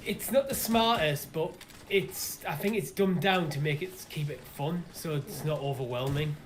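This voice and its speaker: A man co-hosting a gaming livestream, agreeing easily and thinking out loud about game design. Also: a little high, normal speed, over music. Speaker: livestream co-host. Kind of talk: casual gaming chat.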